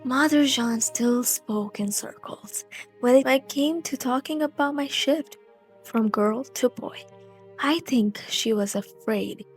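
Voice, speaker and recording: A woman's voice: fairly high pitch, takes it slowly, faint music behind. A young woman hosting her own audiobook reading, switching between a careful reading voice and chatty, blunt asides.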